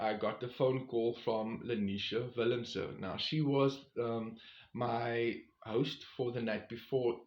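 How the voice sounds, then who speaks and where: A man tells a loose, casual story about his walk, full of fillers and side remarks. His voice sits at an ordinary pitch. The recording is roomy and a little dull. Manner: chatty, rambling with many fillers and asides. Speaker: vlogger on a long-distance walk.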